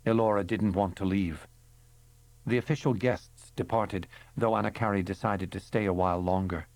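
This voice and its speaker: A man reading a fantasy novel aloud in measured, dramatic narration. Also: sits low, steady tone, darkish tone, no room sound. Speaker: audiobook narrator. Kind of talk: scripted narration.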